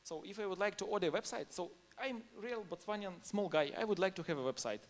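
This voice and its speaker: The speaker is a man at a conference, talking informally in non-native English, telling anecdotes and laughing between points. He has a high voice and a quick pace.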